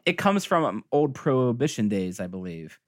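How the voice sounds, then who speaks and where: A man's voice: medium pitch, moderate pace, no echo, studio quality. A man co-hosting a podcast, rambling in casual movie chat with lots of "like" fillers. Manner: rambling, animated, many fillers. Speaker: podcast co-host.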